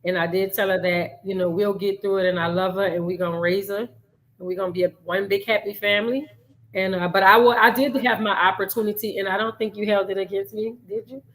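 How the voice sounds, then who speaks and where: A middle-aged woman, a mother, talking on a show with emotion and hesitation, pausing often. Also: medium pitch, fairly even intonation, fairly bright tone, low-quality recording. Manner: emotional, hesitant, many "um" pauses. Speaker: guest, mother. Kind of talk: casual talk show conversation.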